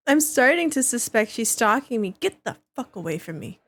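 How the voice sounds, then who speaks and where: Giggly high-pitched woman streamer. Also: normal speed, few pauses. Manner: giggly, excitable, laughs often. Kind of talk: casual live-stream chat.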